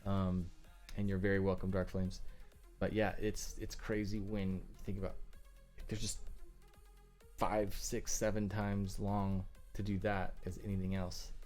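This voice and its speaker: A man's voice: sits low, flat delivery, unhurried, a little mellow, faint music behind. A man casually chatting with viewers during a live stream while working on car tail lights, moving around his workbench. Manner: laid-back, talks to chat between tasks.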